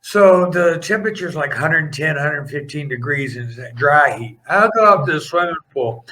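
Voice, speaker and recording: A middle-aged former wrestler tells his stories in an interview, animated and rambling, often breaking off to restart a sentence. His voice sits a little high for a man and has a bright, forceful edge. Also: moderate pace, a little hiss or hum, poor audio. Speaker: podcast guest, former pro wrestler. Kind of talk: storytelling in a casual interview.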